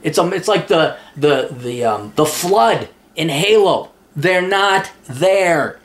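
Blunt, lively man ranting. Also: fairly high pitch, slow pace. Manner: blunt, profane, animated; reads listener's letter aloud. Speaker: advice podcast host. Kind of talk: casual advice monologue.

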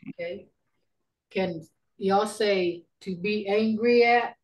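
Woman, middle-aged, slow unhurried speech, folksy teacher, lots of ums, video call sound. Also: mid-range voice, poor audio. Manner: unhurried, folksy, thinks aloud with many fillers. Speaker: language teacher. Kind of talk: casual online language class.

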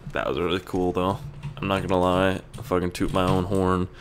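A young man giving rambling, profane gameplay commentary, breaking into yells at the game. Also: low-pitched, completely flat delivery, fairly quick, background noise. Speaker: gaming YouTuber.

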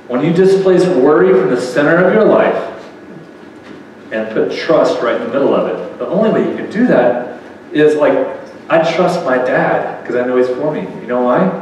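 A man's voice: medium pitch, expressive, a little slow, long pauses, a little mellow, slight background noise. Man, conversational sermon, asks the crowd questions, distant mic, big reverberant hall. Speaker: speaker at a faith event. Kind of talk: sermon to a live audience. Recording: echoey hall recording from far off.

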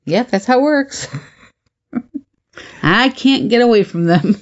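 A woman who is a shaman talks on a podcast in a wry, laid-back way with a gravelly voice. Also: on the high side, animated, takes it slowly, muffled recording. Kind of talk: casual podcast chat.

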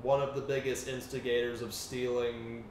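A man's voice: mid-range voice, flat delivery, moderate pace, a little mellow. Guy rambling and cursing on a podcast, sounds far off, roomy, bit of background hiss. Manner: rambling, swears freely. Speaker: podcast co-host. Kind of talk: casual chat. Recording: distant mic, roomy echo, faint noise.

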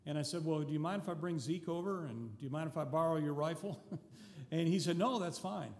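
A man's voice: on the high side, brisk. Older New man, folksy storyteller. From New Zealand. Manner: folksy, chatty, with restarts and wry asides. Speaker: visiting missionary. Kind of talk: casual storytelling to a congregation. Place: church sanctuary. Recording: long church hall reverb.

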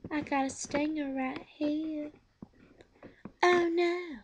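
A woman voicing a cocky male cartoon bee who talks in a slow drawl. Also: high voice, fairly even intonation, slight background noise, pitched above the performer's own voice. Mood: boastful. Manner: slow drawl full of "y'all".

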